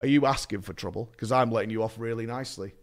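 A man's voice: mid-range voice, fast talker, voice pushed down, lightly acted. A man voicing a stern, lecturing male police officer. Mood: scolding. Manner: bossy, lecturing.

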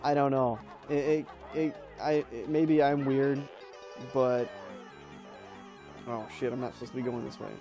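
A man's voice: mid-range voice, fairly even intonation, measured pace, long pauses, warm tone. A young man giving casual commentary over a game, rambling, swearing and yelping at what happens on screen. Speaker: gameplay commentator. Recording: faint music under the voice.

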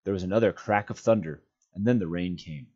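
Low-voiced man reading a story aloud. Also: a little fast, warm tone. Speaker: volunteer reader. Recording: dull lo-fi sound.

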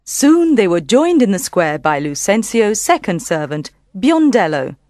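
A woman narrating a storybook audiobook in a calm, clear reading voice. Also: medium pitch, a little slow, no echo, studio quality.

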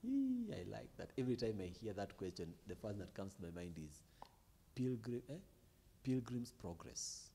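A man hosting a relaxed Christian youth discussion, who laughs easily and slows into a drawn-out preaching cadence. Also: lowish voice, vocal fry, a little hiss or hum. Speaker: host.

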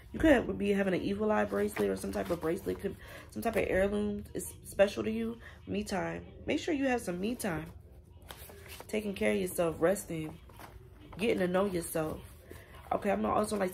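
A woman's voice: mid-range voice, normal speed, creaky, a little mellow, a little hiss or hum. A woman giving a casual spiritual reading, chatty and affirming, speaking straight to her viewers. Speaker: tarot reader.

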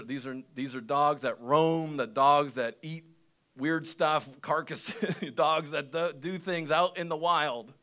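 A young adult man preaching a sermon as pastor, telling stories animatedly and swinging between quiet passages and shouted lines. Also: on the high side. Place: church sanctuary.

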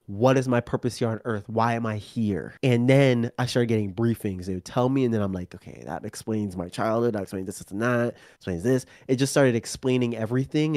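A man's voice: fairly low pitch, a little mellow, no echo, studio quality. Rambling man, guest on a podcast. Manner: rambling, acts out his own quoted remarks. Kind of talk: casual interview talk.

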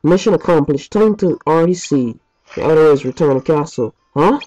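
A man's voice: a little high, animated, normal speed, warm tone. Rambling gamer man, muffled lo-fi sound. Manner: rambling, chatty, mild swearing. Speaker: let's play host. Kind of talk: casual gameplay commentary. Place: basement at home. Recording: muffled lo-fi recording over game music.

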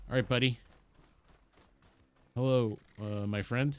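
A man streaming a game live while high, giving excitable, rambling commentary, swearing and talking to the creatures and his chat. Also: normal speed, long pauses.

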